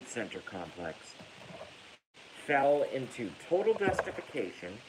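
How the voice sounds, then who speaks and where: A man's voice: medium pitch, very animated, a little slow, noisy background. A man ranting angrily on a livestream, swearing often and breaking into laughter while reading viewer comments. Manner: angry, profane, breaks into laughter.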